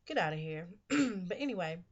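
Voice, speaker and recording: A fairly low-voiced woman recaps a TV episode in a loose, chatty way. She is outspoken about what she thinks and fills her talk with "you know". The recording sounds dull and lo-fi. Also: animated, normal speed. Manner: chatty, opinionated, heavy use of "you know". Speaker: TV episode reviewer. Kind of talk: casual recap and commentary.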